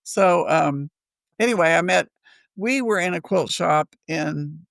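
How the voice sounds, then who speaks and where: Chatty, gravelly woman. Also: fairly low pitch, slow, dry recording. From Missouri. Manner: chatty, rambling, laughs often. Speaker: podcast co-host. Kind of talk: casual storytelling chat.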